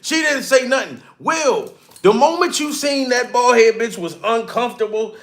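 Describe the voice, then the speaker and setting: Loud high-voiced man ranting. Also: animated, moderate pace. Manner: loud, rowdy, laughing, swearing. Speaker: comedy commentator. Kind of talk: profane reaction commentary.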